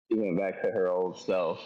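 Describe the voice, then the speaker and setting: A man co-hosting a live trading stream, chatting in a laid-back way with soft chuckles. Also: deep voice, steady tone, unhurried. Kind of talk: casual live-stream chat. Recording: dull lo-fi stream audio.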